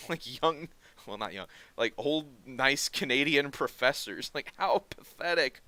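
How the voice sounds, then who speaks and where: A man chatting casually on a stream, sarcastic and animated, laughing often as he talks. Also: medium pitch, moderate pace.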